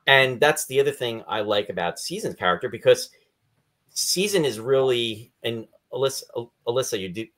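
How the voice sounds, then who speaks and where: A man's voice: medium pitch, lively intonation, normal speed, fairly bright tone. A man hosting a casual interview chat, rambling and apologetic, with a voice he says is going. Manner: rambling, apologetic, restarts often. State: losing his voice, clearing throat. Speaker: podcast host.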